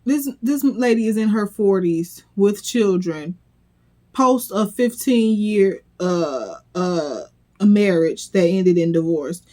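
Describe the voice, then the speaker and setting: A woman recaps a reality show in a casual, sassy and blunt way. She sounds incredulous and freely drops profanity. Her voice sits at an ordinary middle pitch. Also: expressive, slow, dark tone. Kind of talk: casual commentary vlog.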